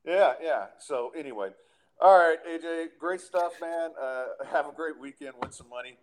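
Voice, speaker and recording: A man with a fairly high voice hosts a casual talk podcast at normal speed, chatting and ranting. He sounds exasperated and keeps tripping over his words, restarting his sentences often.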